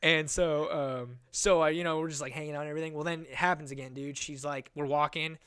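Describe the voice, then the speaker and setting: A man's voice: on the high side, steady tone, quick pace, fairly bright tone, smooth. A young man hosting a podcast, telling a rambling story in casual chat, swearing and laughing often. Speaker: podcast host.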